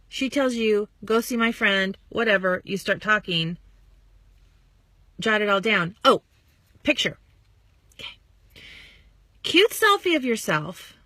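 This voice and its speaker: A bubbly woman in her thirties coaches her followers in a casual, chatty talk, now and then acting out little bits of dialogue. Her voice sits at an ordinary pitch and is recorded close and dry, with no room sound. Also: fairly bright tone, no room sound. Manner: bubbly, chatty, acts out quick quoted dialogue. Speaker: network marketing coach.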